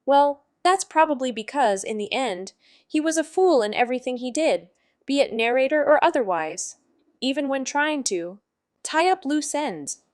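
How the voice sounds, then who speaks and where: A woman's voice: high voice, lively intonation, normal speed, a little mellow, no room sound, studio quality. A woman voicing a brash, foul-mouthed male jester wizard who narrates in a sardonic, rambling way.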